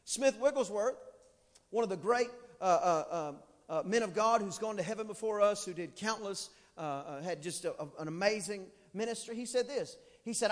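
A man preaching a sermon as pastor, fervent and building to shouted emphasis, with drawn-out dramatic phrasing. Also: high voice, lively intonation, big-room sound. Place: church sanctuary.

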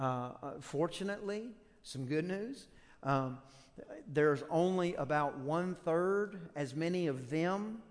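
A fairly high-voiced man preaching a sermon in a church sanctuary. His words ring out with a long hall reverb as he tells stories and builds into loud, fervent preaching. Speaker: pastor.

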